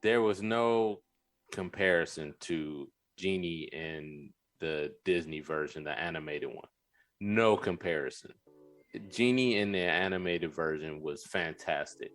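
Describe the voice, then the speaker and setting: A man's voice: low voice, fairly bright tone. A man co-hosting a podcast, chatting casually and stating his opinions emphatically. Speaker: podcast co-host. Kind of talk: casual chat.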